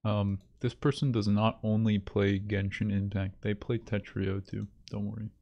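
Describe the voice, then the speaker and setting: A man's voice: lowish voice, little pitch movement, moderate pace, gravelly, dull audio. A man streaming live, chatting casually and rambling between bursts of laughter and mock self-pity. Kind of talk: casual livestream chat.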